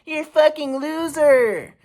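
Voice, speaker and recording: A man's voice: very high-pitched, measured pace, a little mellow, pitched above the performer's own voice. A man voicing his sneering, insulting middle-aged mother in a mocking impression. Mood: scornful. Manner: mocking, insulting, sing-song taunts.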